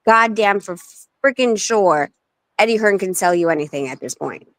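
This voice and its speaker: A woman's voice: medium pitch, expressive, a bit bright, no room sound. Blunt woman swearing in casual chat. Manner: blunt, swears freely, tells stories quickly. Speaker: guest. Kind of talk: casual talk-show chat.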